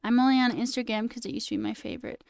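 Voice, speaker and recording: A woman's voice: on the high side, gravelly, no echo, studio quality. A woman in her twenties chatting casually on a livestream, ranting with lots of "like" and swearing. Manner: chatty, animated rants, says "like" a lot, swears. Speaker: coding livestreamer. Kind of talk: casual chat while reading stream chat.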